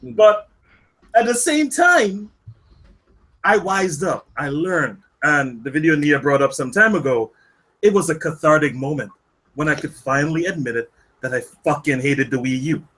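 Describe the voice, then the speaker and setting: Emphatic husky man ranting on a podcast. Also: fairly high pitch, animated, moderate pace, bright, forceful tone, rough recording. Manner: emphatic, profane, repeats himself for emphasis. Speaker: podcast host. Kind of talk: casual gaming podcast rant.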